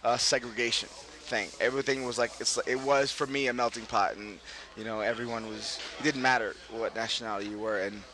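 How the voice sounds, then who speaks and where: A middle-aged man from Brooklyn, an actor being interviewed, telling stories casually and laughing often, jumping up in pitch when he quotes people. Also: fairly quick, hardly any pauses. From Brooklyn, New York. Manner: animated, laughing, voices quotes with big pitch jumps. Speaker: actor, guest.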